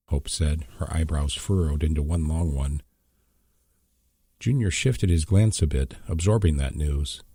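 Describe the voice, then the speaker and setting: A man reading an audiobook in scripted, measured narration. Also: very deep voice, warm tone, slightly rough, no room sound, clean studio sound.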